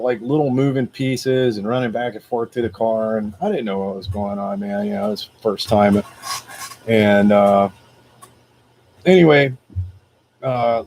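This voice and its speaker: A man hosting a motivational video, telling a personal story in a casual, animated, slangy way. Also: medium pitch. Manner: greets viewers live by name.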